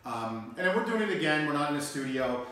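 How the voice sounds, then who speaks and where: A man's voice: fairly high pitch, sing-song, fast, a bit bright. A man hosting his own show, talking loosely and swearing freely in a casual live-stream chat. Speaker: show host. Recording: very echoey room.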